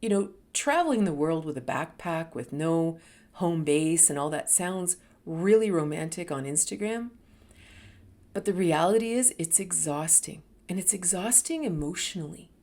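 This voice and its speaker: A middle-aged woman telling a personal story, animated and dropping to whispers for emphasis. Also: on the low side, normal speed. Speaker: host.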